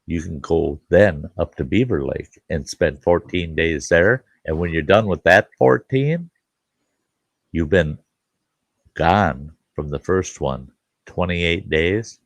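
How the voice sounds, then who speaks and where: A middle-aged man with a very low, gravelly voice spins rambling, profane campfire-style tales in a relaxed live chat. He laughs at his own jokes. The sound is dry and close, with no room echo. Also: slow. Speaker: campground host. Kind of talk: casual live chat storytelling.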